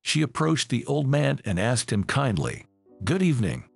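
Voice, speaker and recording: A man narrates a scripted story with a gravelly, husky voice and a lively, animated pitch. Faint music runs beneath the narration. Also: moderate pace.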